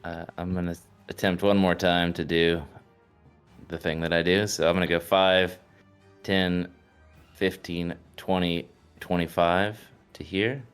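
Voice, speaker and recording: A man's voice: deep voice, level tone, measured pace, clear, resonant tone, soft background music. A man playing in a tabletop game, speaking hesitantly with many fillers as he counts out his movement. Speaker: player.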